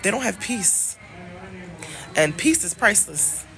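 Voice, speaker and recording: Animated, emphatic woman vlogger from the States. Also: medium pitch, unhurried, vocal fry, faint music behind. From United States. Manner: animated and emphatic, repeats phrases, talks straight to viewers. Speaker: travel vlogger and love coach. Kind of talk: casual vlog chat.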